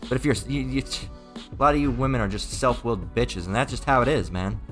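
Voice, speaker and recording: A man's voice: mid-range voice, fairly quick, a bit bright, soft background music. A man giving an informal sermon in a rambling, emphatic way, often profane and full of repeated filler tags. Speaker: preacher.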